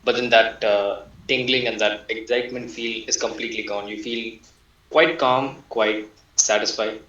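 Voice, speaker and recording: Halting man describing his meditation, low voice, distant muffled call audio. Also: fairly even intonation, fairly bright tone. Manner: hesitant, searching for words, many fillers. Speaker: meditation participant. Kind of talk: casual sharing of experience. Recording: dull, roomy, distant mic.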